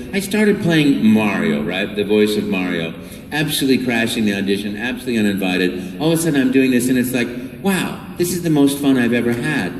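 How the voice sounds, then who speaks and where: A man's voice: medium pitch, a little hiss or hum. Enthusiastic man in an echoey hall. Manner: enthusiastic, animated, full of restarts and vocal impressions. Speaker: voice actor, panel guest. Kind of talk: convention Q&A answers. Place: large convention hall. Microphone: phone recording from the audience. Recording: echoey hall from far off, phone.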